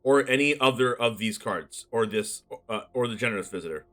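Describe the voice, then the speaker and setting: A man streaming casually as he builds a card-game deck, reading card text aloud and thinking out loud in a chatty way. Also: mid-range voice, fairly quick. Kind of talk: casual live-stream commentary.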